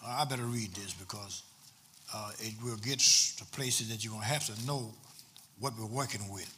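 A man's voice: fairly low pitch, moderate pace, bright, forceful tone, slight background noise. A man a sermon as pastor, repeating phrases for emphasis and drawing call-and-response from the congregation.

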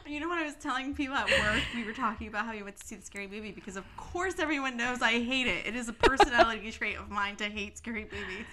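A young woman with a bright, fairly high voice co-hosts a casual podcast. She tells stories in an animated rush, laughing often and swearing freely. A faint hiss sits under her voice. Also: fast, hardly any pauses. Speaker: podcast co-host. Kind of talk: casual chat. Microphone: podcast mic.

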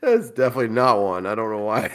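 A man's voice: on the low side, big pitch swings, fast, clear, resonant tone. A man co-hosting a podcast, telling a long story in a rambling, profane way and laughing a lot, and he is tipsy from drinking. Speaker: podcast co-host. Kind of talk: casual storytelling chat.

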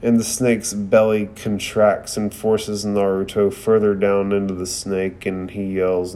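Male anime reviewer, rambling casual commentary with cursing, mellow and unhurried. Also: fairly low pitch, little pitch movement. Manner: profane, rambling, frequent "like".

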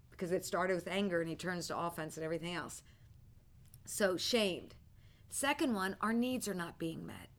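An older woman teaching a prophetic training class, telling a personal story and acting out her old thoughts with bursts of loud feeling. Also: mid-range voice. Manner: animated storyteller, acts out her own past thoughts loudly. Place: classroom with students.

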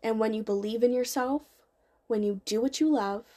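Earnest motivational woman, somewhat high voice. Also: normal speed, mellow. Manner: encouraging, earnest, repetitive emphasis. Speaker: podcast host and life coach. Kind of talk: motivational podcast talk.

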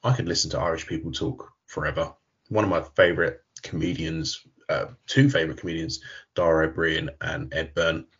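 Deep raspy man chatting and laughing. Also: fairly even intonation, fairly quick, fairly bright tone. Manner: chatty, laughs often, rambling with fillers. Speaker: podcast co-host. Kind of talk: casual chat. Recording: dull lo-fi recording.

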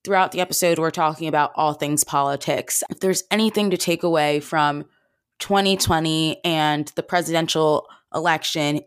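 A woman's voice: deep voice, clean tone, no room sound, studio quality. A young woman in her twenties hosting a podcast, chatty and upbeat with a groggy morning voice. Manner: chatty, upbeat, self-deprecating. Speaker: podcast host. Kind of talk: casual podcast intro.

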